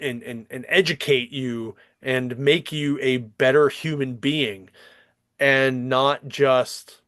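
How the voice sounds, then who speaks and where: In a clean, dry studio recording, a male comics podcast host talks casually. He rambles, swears, and keeps using fillers and starting over. His voice is mid-range with a fairly bright tone.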